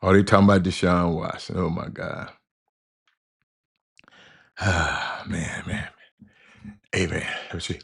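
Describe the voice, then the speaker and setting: A man's voice: deep voice, flat delivery, measured pace, creaky, pauses often, husky. A man with a drawl hosts a loose sports talk show. He rambles from topic to topic, stumbles over his own words and repeats phrases. He keeps calling out to his listeners as y'all. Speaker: host of a sports call-in show.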